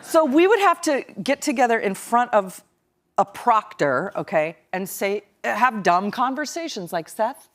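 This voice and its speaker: A woman's voice: a little high, sing-song, measured pace. A woman in her fifties, a talk show guest, telling stories with wry, dry humor. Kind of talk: casual interview chat.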